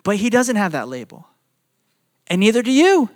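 A man preaching a sermon in a conversational, animated way, acting out quotes as he goes. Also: high-pitched, moderate pace. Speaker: pastor.

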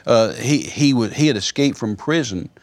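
A man telling a personal testimony in conversation, animated, with frequent repeated words. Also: medium pitch, moderate pace.

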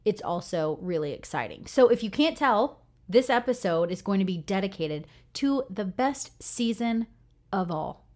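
A woman in her thirties with a Midwestern American accent, co-hosting a casual podcast in a chatty, animated way. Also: medium pitch, normal speed. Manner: chatty, animated storyteller with frequent "like". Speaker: podcast co-host.

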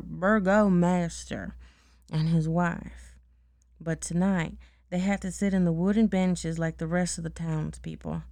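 Woman reader, low and warm with some fry, reads bedtime stories casually and corrects her own slips. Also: dry recording, clean studio sound. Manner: pauses to check words and laugh at her own slips. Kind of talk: casual storybook reading aloud.

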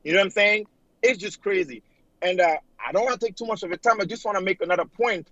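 A high-voiced man from Africa calls in to a talk show, earnest and rambling, full of fillers like "like" and "you know." His voice comes through a dry, dull phone line with a lo-fi sound. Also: fast, pushed and bright, dry recording. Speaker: caller. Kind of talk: call-in talk show caller. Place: home in New York City. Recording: dull lo-fi phone call audio.

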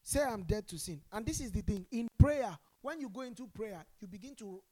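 A Nigerian woman preaching a sermon, calling on the congregation to respond and swinging between loud emphasis and quiet asides. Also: medium pitch, animated, fairly quick. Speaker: pastor.

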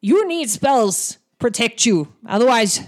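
A woman's voice: a little high, lively intonation, takes it slowly. A woman voicing a giant male orc teacher who talks in blunt, broken sentences. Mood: booming. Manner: broken clipped speech.

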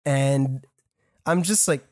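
A man's voice: medium pitch, slow pace, darkish tone, no room sound, studio quality. A young man in his early twenties with a French accent, telling a story casually with lots of swearing and restarts. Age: young adult. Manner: rambling, swearing, laughing, restarts. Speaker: storyteller guest.

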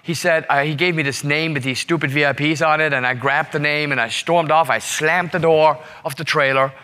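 A man's voice: a little high, steady tone, brisk, bright, forceful tone. Emphatic man giving a leadership talk. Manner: emphatic, repeats words and asks "right?". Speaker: leadership speaker. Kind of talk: storytelling seminar talk.

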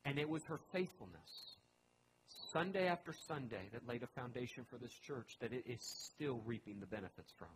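A man's voice: mid-range voice, lively intonation, a little fast, background noise. A man pastor giving a conversational sermon, earnest and emphatic, often restarting his phrases.

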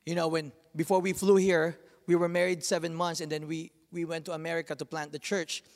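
A man in his thirties preaching a sermon, telling family stories with lively, acted-out quotes. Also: fairly high pitch, fairly quick. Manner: animated storytelling, acts out quotes. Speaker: pastor. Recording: long hall reverb.

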